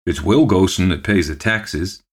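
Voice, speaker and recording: A man voicing an old male country postmaster who speaks calmly and placatingly. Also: deep voice, unhurried. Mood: earnest. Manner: calm, placating, murmuring.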